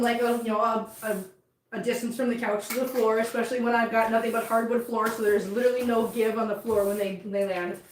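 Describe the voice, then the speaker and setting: A woman's voice: fairly high pitch, reverberant, a little hiss or hum. A woman vlogging at home about her cats, chatting casually and cooing at the kittens in a sing-song voice. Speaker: cat channel vlogger. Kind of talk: casual vlog chat and baby talk to cats. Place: home living room with hardwood floor.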